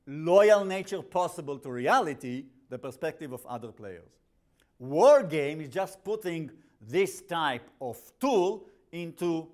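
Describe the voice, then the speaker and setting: A man's voice: on the high side, darkish tone. A man with an accent giving a classroom lecture as the instructor, blunt and jokey, often restarting his sentences. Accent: non-native English.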